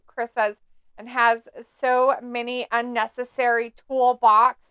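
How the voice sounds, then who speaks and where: A woman's voice: a little high, measured pace, fairly bright tone, clean tone, dry recording. A woman co-hosting a live stream, chatting casually, laughing often and reading viewer comments aloud. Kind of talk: casual watch-along chat.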